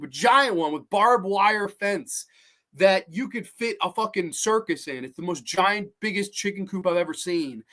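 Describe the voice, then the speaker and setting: Host for a horror film review show: sarcastic, swears constantly, incredulous rant with sudden loud outbursts. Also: mid-range voice. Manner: animated outbursts. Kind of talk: ranting film recap.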